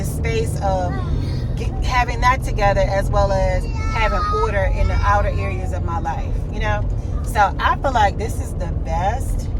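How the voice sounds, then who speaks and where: A young adult woman talking frankly and emphatically in a personal vlog, often repeating words as she goes. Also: medium pitch. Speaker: vlogger. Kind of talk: candid personal vlog talk. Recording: loud traffic noise behind.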